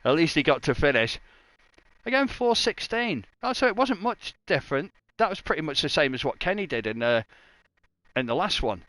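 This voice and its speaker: A man calling a live online race in a chatty, self-mocking way. His voice is smooth and resonant, and the dry sound keeps it close to the mic. He jokes freely between the race updates. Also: fairly high pitch, sing-song, normal speed, a bit bright, dry recording. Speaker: race commentator. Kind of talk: live race commentary chat.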